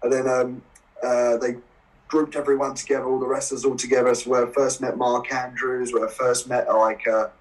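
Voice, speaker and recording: A man in his twenties with an Essex accent, telling stories as a guest in a casual interview, animated and laughing often. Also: medium pitch, moderate pace. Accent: English, Essex. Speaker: guest wrestler. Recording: voice a bit far from the mic.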